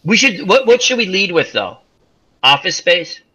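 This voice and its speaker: A man hosting a casual live chat show, rambling excitedly through movie retellings with frequent laughs. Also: high voice, normal speed, slightly rough. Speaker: livestream chat host.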